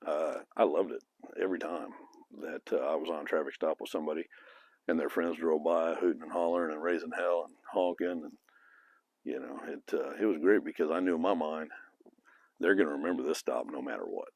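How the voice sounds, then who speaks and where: A man's voice: rumbling low, brisk, a little mellow, slightly rough, no room sound. A middle-aged man, a former police officer, giving blunt, frank advice in a casual monologue. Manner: blunt and frank, with occasional profanity.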